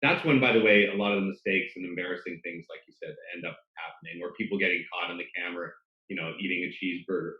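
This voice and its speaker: A man's voice: sits low, fast, reverberant, lo-fi sound. A middle-aged man, a sports broadcaster, telling self-deprecating stories in a casual interview. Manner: storytelling, self-deprecating, animated.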